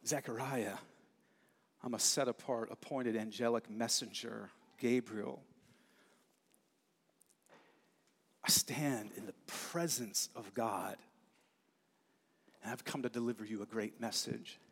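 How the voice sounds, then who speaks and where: Gabriel, solemn angel, as a preacher puts him on. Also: male voice, medium pitch, measured pace, a bit bright, breathy edge. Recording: long hall reverb.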